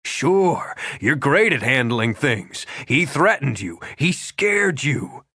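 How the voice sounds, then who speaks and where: A rough, brooding young man with a short temper, as an audiobook narrator voices him. He talks curt and bitter, and his voice swings through a lively range. It is recorded close and dry. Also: mid-range voice, slow pace, no echo, heavily acted. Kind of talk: audiobook character voice.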